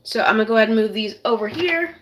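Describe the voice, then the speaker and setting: Woman cooking host, fairly high voice, chatty, talks to viewers, casual demonstration, kitchen. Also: lively intonation, quick pace, fairly bright tone, slight background noise, low-quality recording. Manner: chatty, keeps addressing viewers as "you guys".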